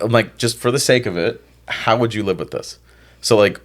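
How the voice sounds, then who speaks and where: Deep-voiced man giving casual advice. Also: brisk. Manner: relaxed, reflective, uses filler "like" often. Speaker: life and love coach.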